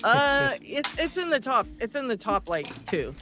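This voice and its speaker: A woman's voice: high voice, big pitch swings, measured pace, music in the background. A woman hosting a live stream, chatting casually, greeting viewers by name and laughing often. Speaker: livestream host. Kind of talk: casual livestream chat.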